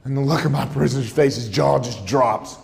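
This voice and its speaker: Male keynote speaker, mid-pitched, dramatic storyteller, long hall reverb. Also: brisk, gravelly, darkish tone. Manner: dramatic storyteller acting out dialogue. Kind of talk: storytelling talk.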